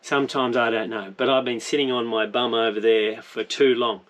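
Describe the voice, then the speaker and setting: A man's voice: mid-range voice, steady tone, normal speed, fairly bright tone. An Australian man narrating his spearfishing vlog in a rambling, jokey, self-mocking way. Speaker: spearfishing vlogger.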